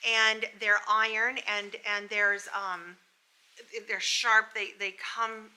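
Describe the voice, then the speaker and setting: An American woman working as a psychic medium, emotionally retelling a spirit's story in a breathless, halting way. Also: medium pitch, little pitch movement, pushed and bright, clear, resonant tone.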